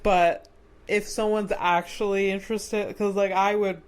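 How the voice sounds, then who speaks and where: A woman is a comedian hosting a casual podcast. She laughs often and chimes in with quick agreement. Her voice sits at an ordinary pitch. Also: flat delivery, clear, resonant tone. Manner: giggly, agreeable, frequent backchannel yeahs.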